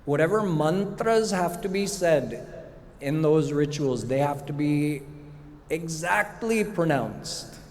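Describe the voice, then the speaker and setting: A middle-aged man giving a devotional lecture as a spiritual teacher, explaining slowly and deliberately with rhetorical questions. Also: on the high side, animated, darkish tone. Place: large hall at a live retreat. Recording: long hall reverb, faint room ambience.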